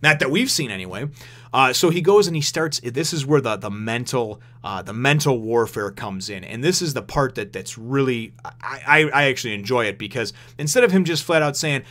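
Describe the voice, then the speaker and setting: A man giving a casual manga review, rambling and animated, who swears freely and laughs often. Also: mid-range voice, fast.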